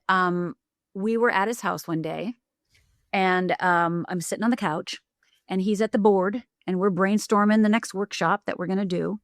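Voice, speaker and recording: A middle-aged woman telling a personal story in an animated way, acting out the voices she quotes, with quick bursts and restarts. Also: medium pitch, dry recording, studio quality. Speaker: podcast guest, life coach.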